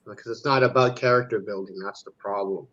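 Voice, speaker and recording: A man's voice: fairly low pitch, fast, fairly bright tone, muffled recording. A man joining a casual movie commentary chat, opinionated and laughing between remarks.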